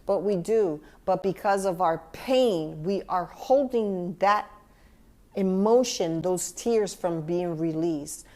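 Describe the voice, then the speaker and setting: A woman talks in an unhurried, gentle way, taking her time with each thought. Her voice sits a little low for a woman, and she addresses the listener directly with heartfelt warmth as a grieving mother on her own podcast. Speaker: podcast host. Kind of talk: personal reflective monologue.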